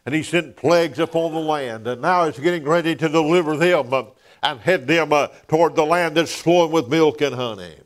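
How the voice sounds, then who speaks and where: A man preaching a sermon in a church, filling pauses with "uh" and dropping to a near whisper on key words. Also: on the high side. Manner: preaching with frequent "uh" fillers, dropping to hushed emphasis.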